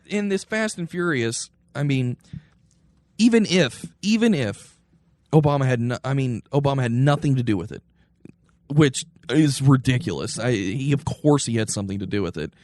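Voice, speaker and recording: A man on a casual podcast, talking in an animated, ranting way and slipping into mocking voices now and then. His voice sits at a middle pitch and the sound is dry and close, with no room echo. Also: moderate pace. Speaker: podcast co-host. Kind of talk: casual political chat.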